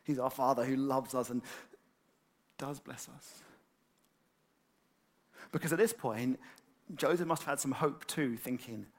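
Animated man preaching a sermon. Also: mid-range voice, unhurried, long pauses. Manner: animated, acts out excited quotes; frequent fillers and repeated words.

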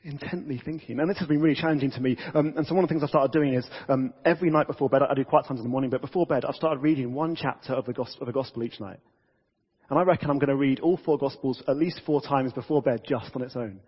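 A man preaching a casual, lively sermon to a church congregation, talking conversationally with frequent restarts. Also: medium pitch, fast talker, husky. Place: church hall. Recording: dull reverberant church audio.

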